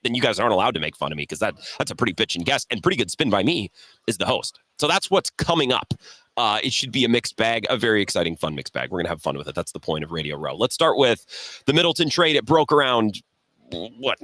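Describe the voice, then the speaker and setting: A sports radio host talks at a middle pitch, and his voice swings up and down a lot as he tells stories. He pokes fun at himself in a relaxed, chatty way. The sound is close and dry. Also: quick pace, no echo. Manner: animated, self-deprecating storytelling. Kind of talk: casual sports talk radio monologue. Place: radio row broadcast table.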